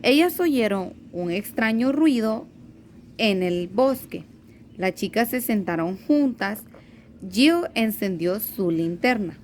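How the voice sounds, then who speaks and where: Slow, careful woman reading a story aloud. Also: mid-range voice, expressive, a little mellow, a little hiss or hum. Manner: careful, halting read-aloud with restarts and repeats. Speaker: teacher. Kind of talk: reading a story aloud slowly, then in Spanish.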